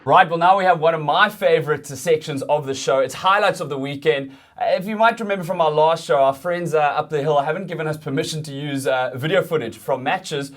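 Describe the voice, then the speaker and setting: Guy hosting a rugby chat show, dry jokey banter, bit high voice. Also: a little fast, few pauses, fairly bright tone. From South Africa. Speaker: host. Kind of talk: comedic sports chat show.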